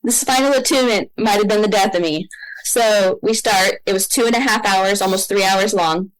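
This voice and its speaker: A woman guest on a podcast, a holistic coach telling a personal story in an animated way and acting out quotes. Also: moderate pace, rough recording. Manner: animated storyteller, acts out quotes with big pitch jumps. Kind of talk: casual storytelling in a podcast interview.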